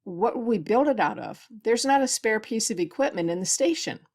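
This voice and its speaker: A woman's voice: fairly high pitch, animated, normal speed, a little mellow. A woman reading the lines of a tense male space station doctor, speaking in clipped, pressured sentences.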